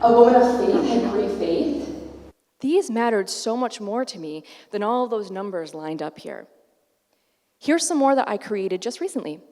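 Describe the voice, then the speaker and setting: Animated woman speaking in an echoey hall. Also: medium pitch, normal speed. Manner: animated, acts out quoted voices. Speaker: keynote speaker. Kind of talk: conference keynote talk. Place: large conference hall. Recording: echoey hall, far from mic.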